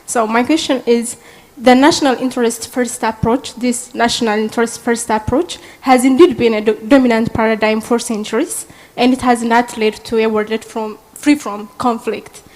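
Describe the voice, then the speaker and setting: A woman's voice: fairly high pitch, fairly even intonation, moderate pace, a little mellow, long reverb tail, poor audio. Earnest young woman. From Ethiopia. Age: young adult. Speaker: audience questioner.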